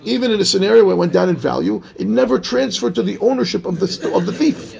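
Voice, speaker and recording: A man teaching a casual Talmud class, explaining quickly and checking in with his students. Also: high voice, expressive, gravelly, darkish tone. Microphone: class microphone.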